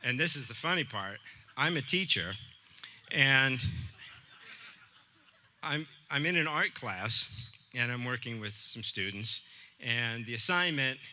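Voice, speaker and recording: A man, an art teacher, telling a personal story to a live audience in a relaxed, conversational way. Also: medium pitch, unhurried, pauses often. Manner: conversational, acts out dialogue with voices.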